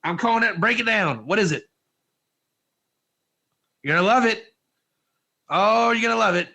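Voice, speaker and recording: A man giving an informal Torah class, energetic and joking, putting questions to his listeners in a classroom. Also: high voice, normal speed, gravelly. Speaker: Torah teacher.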